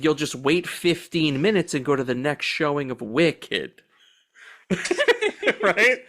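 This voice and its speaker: A man's voice: fairly high pitch, bright, forceful tone. A young man co-hosting a movie podcast, chatting casually and swearing freely, often laughing and acting out quotes in silly voices. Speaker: podcast co-host. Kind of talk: casual chat.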